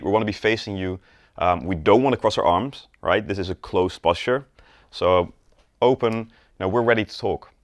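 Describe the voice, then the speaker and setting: A man's voice: low voice, no room sound, clean studio sound. A man teaching sales in a conversational video lesson, often checking in with the viewer and demonstrating gestures as he talks. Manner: demonstrates postures and gestures while talking. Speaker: sales coach.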